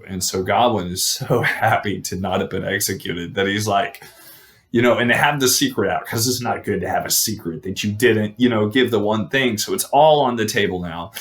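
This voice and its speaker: A man's voice: fairly low pitch, moderate pace, a bit bright. A man casually retelling an old legend, chatty, full of fillers and joking asides. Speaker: storyteller.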